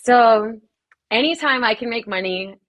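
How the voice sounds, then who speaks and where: A woman from Los Angeles, her voice on the high side, animated, and a bit bright, guests on a podcast. She talks quickly and casually, laughing often and swearing freely as she discusses her work as a DJ and streamer.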